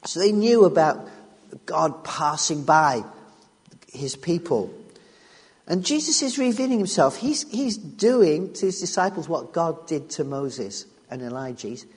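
A man's voice: on the high side, lively intonation, a little slow, breathy edge. A man preaching a sermon on scripture, emphatic and repeating key phrases as he restarts his sentences. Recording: long reverb of a large hall.

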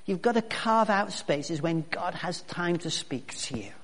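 A man's voice: high voice, expressive, a little slow, fairly bright tone, a little hiss or hum. A man preaching a sermon as pastor, chatty and full of restarts. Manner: conversational, with many restarts and fillers. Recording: long reverb of a large hall.

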